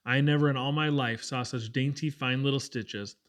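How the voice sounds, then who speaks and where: A man voicing a gentle but firm young woman who soothes a sick friend. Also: mid-range voice, steady tone, normal speed, lightly acted. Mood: soothing.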